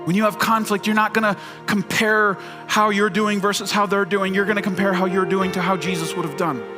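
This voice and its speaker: A man's voice: high-pitched, flat delivery, fairly quick, over music. A man preaching a sermon as pastor, talking conversationally, repeating key phrases and acting out quoted lines.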